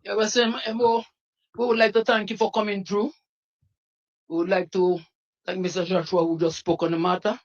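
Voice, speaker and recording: A man's voice: high-pitched, flat delivery, moderate pace, pauses often, dull audio. A man with a Dominican accent speaking as an activist at a news interview, fiery and pleading, repeating himself. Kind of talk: impassioned street interview.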